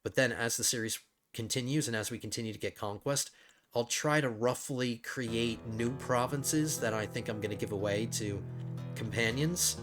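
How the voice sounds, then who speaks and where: A man's voice: mid-range voice, normal speed, fairly bright tone, soft background music. A man hosting a let's play, thinking aloud in casual gameplay commentary, rambling with frequent restarts.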